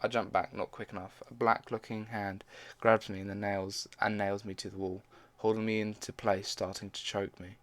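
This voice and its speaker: A man's voice: lowish voice, little pitch movement, moderate pace. A man casually reading fan fiction aloud, stumbling now and then and dropping in his own side comments.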